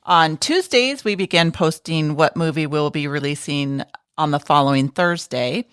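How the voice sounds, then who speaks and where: A woman's voice: deep voice, normal speed, a bit bright, smooth, dry recording, studio quality. A woman guest co-hosting a casual movie podcast, reading out where to find the show in a breezy way. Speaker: guest co-host.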